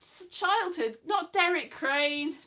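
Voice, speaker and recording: A woman hosting a casual chat, rambling and trailing off as she hunts for names, with quick asides. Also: very high-pitched, animated, pushed and bright. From Wales. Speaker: podcast host.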